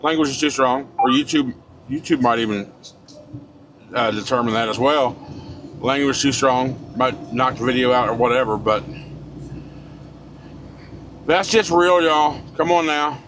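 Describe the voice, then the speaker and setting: A man's voice: medium pitch, a little slow, long pauses. A man, a truck driver vlogger giving a blunt, profane, fired-up casual rant. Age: 40s. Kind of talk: casual ranting monologue. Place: inside a truck cab. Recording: road noise from a moving truck.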